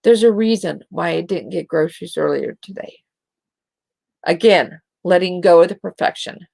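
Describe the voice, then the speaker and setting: A middle-aged woman hosting a spiritual talk show, speaking in a slow, gentle and encouraging way to her listeners. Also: fairly low pitch, creaky, no echo. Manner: gentle, encouraging, drawn-out delivery with soft giggles.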